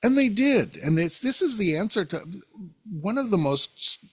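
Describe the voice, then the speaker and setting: A man's voice: high-pitched, very animated, measured pace, husky, no room sound. A man hosting a podcast, telling a history story casually and pointing out pictures as he talks. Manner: conversational, with fillers, pointing out pictures as he goes. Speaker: podcast host.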